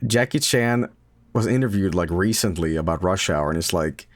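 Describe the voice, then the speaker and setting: A man's voice: low voice, moderate pace, dry recording. A male streamer chatting casually late at night, swearing a lot, stumbling over his words and laughing often.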